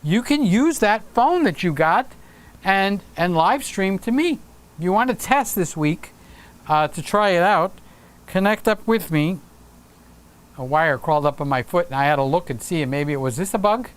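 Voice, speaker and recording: Speaking at a moderate pace, a man with a high-pitched, animated voice runs a casual livestream. He keeps the chat upbeat, reading out viewer comments while filling his speech with frequent fillers.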